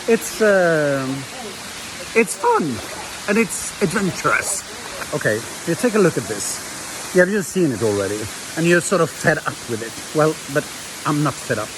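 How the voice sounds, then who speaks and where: Man, casual travel vlog, enthusiastic, talks to viewers, phone mic outdoors, loud rushing water behind. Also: a little high, sing-song, background noise. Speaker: travel vlogger. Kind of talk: casual vlog chat to camera. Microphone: handheld phone.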